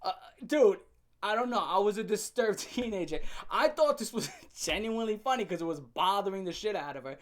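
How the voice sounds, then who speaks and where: A young man telling a funny story from his teen years in a casual, animated way, laughing often and swearing freely. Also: sits high, a little fast. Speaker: storyteller host. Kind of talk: comedic storytime vlog.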